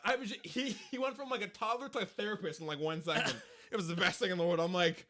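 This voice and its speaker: A man with a fairly high, bright voice hosts a relaxed podcast chat. He tells stories with lots of energy and laughs between lines. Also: very fast. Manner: animated storyteller, often laughing. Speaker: podcast host. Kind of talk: casual chat. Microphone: studio podcast mic.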